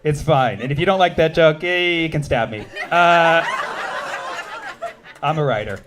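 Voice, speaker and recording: A man doing a stand-up comedy set, punchy and quick with asides and banter with the crowd. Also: fairly high pitch, noisy background. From United States. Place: comedy club stage with a live audience.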